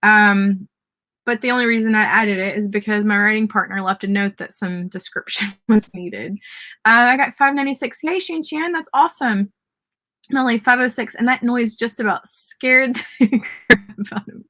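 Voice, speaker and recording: A woman's voice: fairly high pitch, normal speed, pushed and bright. A woman with a Southern accent hosting a casual livestream writing sprint and cheering on viewers' word counts. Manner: chatty, cheers readers' comments. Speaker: livestream host.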